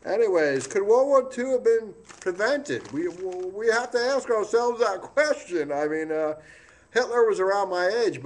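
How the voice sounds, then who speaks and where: A man's voice: high voice, a little hiss or hum. A man playing a scatterbrained, boastful old newspaperman in a comic monologue, rambling off topic and stumbling over his words. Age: older. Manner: rambling, digressive, loses his place and stammers. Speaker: comedian doing a tribute impression.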